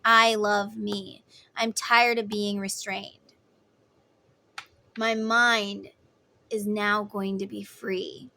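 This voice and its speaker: A woman's voice: mid-range voice, flat delivery, drawn-out words, long pauses, pushed and bright. A woman giving a casual tarot reading, talking in an emphatic, chatty way. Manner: emphatic, chatty, acts out voices in quotes. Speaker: tarot reader.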